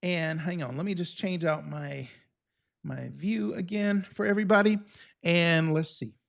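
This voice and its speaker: A man's voice: a little high, measured pace, gravelly. A man coaching a live online exam-prep class, teaching steps and often checking in with the viewers.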